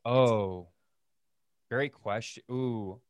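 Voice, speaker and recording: A man's voice: mid-range voice, drawn-out words, clean tone, no echo. A man hosting a podcast, chatting casually in a laid-back, rambling way with lots of fillers. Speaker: podcast host. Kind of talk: casual chat.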